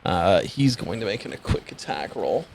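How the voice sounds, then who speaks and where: A man's voice: lowish voice, expressive, normal speed, vocal fry, noisy background. A man narrating as game master in a casual, swearing way with lots of "uh" fillers.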